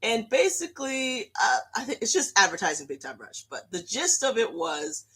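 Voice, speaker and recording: A fan hosting a casual livestream, telling a rambling, self-mocking story in an animated way. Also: medium pitch, moderate pace, breathy edge.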